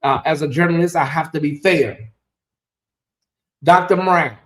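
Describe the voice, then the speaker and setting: A man's voice: fairly high pitch, unhurried. Sassy man hosting gossip in an echoey room. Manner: sassy and chatty, addresses viewers as y'all and honey. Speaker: gossip show host. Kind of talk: casual gossip commentary.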